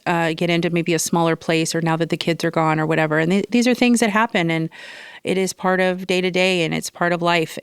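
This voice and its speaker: A woman's voice: fairly low pitch, clear, resonant tone, no echo, studio quality. A woman hosting a solo podcast, chatting casually and rambling through stories with lots of fillers and quoted asides. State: recovering from respiratory infection. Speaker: podcast host.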